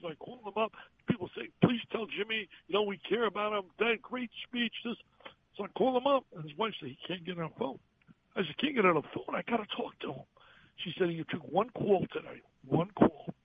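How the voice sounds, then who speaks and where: An older man on a phone call, telling stories in an animated way and acting out the voices of the people in them. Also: high-pitched. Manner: animated, acts out quoted voices. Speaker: guest. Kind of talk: emotional storytelling on a call-in. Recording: tinny phone line with faint hiss.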